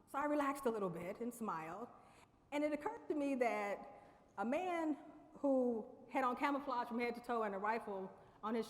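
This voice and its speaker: A woman speaks to a convocation crowd in a relaxed, storytelling way, often laughing and asking the listeners questions. Her voice sits a little high for a woman, and it rings out with the long reverb of a large chapel. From Lexington, Kentucky. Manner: conversational, laughs often, addresses audience directly. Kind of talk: storytelling speech.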